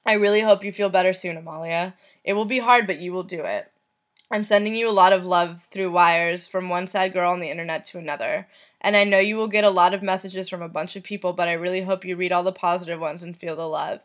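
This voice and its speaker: Soft-spoken woman reading messages aloud. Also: fairly low pitch, fairly even intonation, quick pace. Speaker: vlogger.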